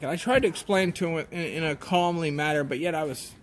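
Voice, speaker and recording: A man who farms goats, telling a story in a plainspoken, halting way, often restarting his sentences. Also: high voice, a little hiss or hum. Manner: plainspoken, halting, shaken retelling. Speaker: goat farmer. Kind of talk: casual storytelling.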